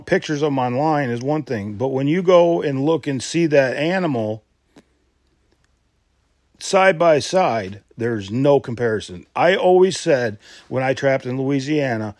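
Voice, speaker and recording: A podcast host from Michigan talks casually on his solo show, rambling with lots of restarts and asides. His voice is mid-range with a darkish tone, recorded without echo.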